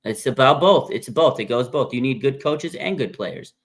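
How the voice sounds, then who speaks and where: A man's voice: medium pitch, expressive, normal speed. Blunt, insistent man in sports debate. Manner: blunt and insistent, addresses co-host by name. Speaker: podcast co-host.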